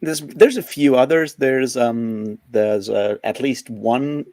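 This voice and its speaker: A man's voice: medium pitch, slow, warm tone, dry recording. A man from Germany, chatting casually in a hesitant way with many fillers. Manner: hesitant, many ums, laughs often. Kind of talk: casual chat.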